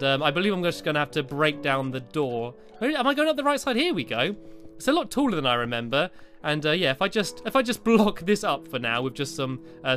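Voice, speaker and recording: A man's voice: on the high side, a bit bright. Bouncy man narrating a game. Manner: bouncy, playful, stammering restarts, frequent giggles. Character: cheerful cat character exploring the moon. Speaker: Minecraft let's play host. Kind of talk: playful in-character game narration.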